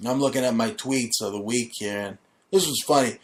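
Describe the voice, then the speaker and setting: A man's voice: mid-range voice, a little fast. A man hosting his own talk show, chatting casually in a brash, crude and mocking way. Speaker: radio show host. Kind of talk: casual crude comedy chat.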